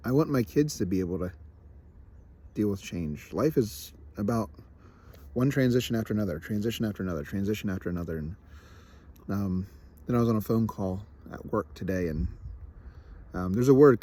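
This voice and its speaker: A young man with a lowish voice talks straight to the camera in a reflective personal vlog. He is candid and self-deprecating, and he often stops, restarts and repeats his words as he works through his thoughts. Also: dark tone. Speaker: vlogger.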